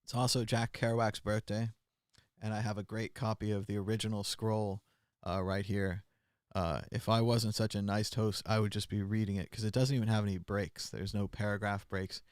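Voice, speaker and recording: A low-pitched man hosts a live internet call-in show, talking in a loose, rambling way full of "uh"s. He often drops into quiet muttering as he clicks around the computer. His voice sits close and dry, with no room sound. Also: little pitch movement, normal speed, smooth, dry recording. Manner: rambling, thinks aloud and mutters while working the computer. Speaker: host of a live call-in stream. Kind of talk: casual live-stream talk.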